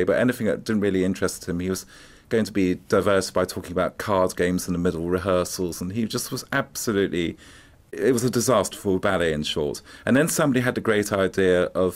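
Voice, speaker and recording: A man speaking as a music expert guest in a radio interview, telling stories with frequent ums and hesitations. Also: low voice. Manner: hesitant, many ums, animated storytelling.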